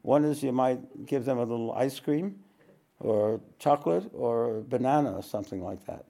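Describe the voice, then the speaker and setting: A warm, mid-range voice belongs to a man teaching spirituality to a gathered audience. His pace is unhurried, and he keeps repeating his phrases and clearing his throat.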